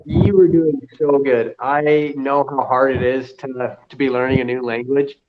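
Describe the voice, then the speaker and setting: A man's voice: medium pitch, steady tone, unhurried. Rambling guy on a muffled call. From United States. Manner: rambling, many fillers and restarts. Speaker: conversation partner. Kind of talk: casual video call chat. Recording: muffled video call audio, faint hiss.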